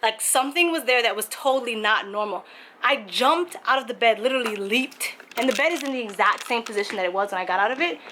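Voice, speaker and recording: A young woman vlogging from her apartment, telling a story in a casual, animated way with lots of "like" fillers. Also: fairly high pitch, quick pace, slight background noise. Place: apartment, indoors.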